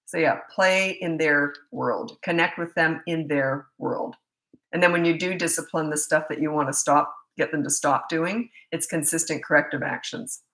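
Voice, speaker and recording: Over a laptop webcam at home, a middle-aged woman who coaches parents hosts a live Q&A, fielding questions with stories and frequent easy laughter. She speaks at a normal pace in a bright, somewhat low voice that rambles loosely. The audio is poor.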